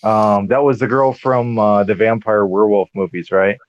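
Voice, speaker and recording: A man's voice: on the low side, fairly even intonation, moderate pace, no echo, dull audio. A man co-hosting a casual podcast chat, teasing the others and laughing often. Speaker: podcast co-host. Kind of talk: casual group chat on a stream.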